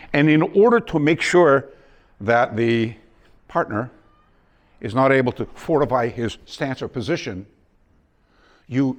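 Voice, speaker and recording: A male martial arts instructor teaching a seminar, telling anecdotes with frequent restarts and acting out his students' lines. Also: mid-range voice. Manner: storytelling, acts out quoted students, frequent restarts. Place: dojo training hall.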